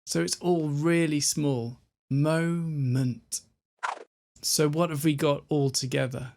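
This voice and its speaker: A man with a British accent teaching pronunciation, breaking words down slowly and carefully. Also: on the high side, fairly even intonation, vocal fry, darkish tone. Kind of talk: pronunciation lesson.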